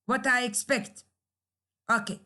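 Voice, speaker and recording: Slow, high-voiced woman lecturing. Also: fairly even intonation, bright, forceful tone. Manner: slow, repetitive explaining with examples. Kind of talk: recorded English grammar lecture.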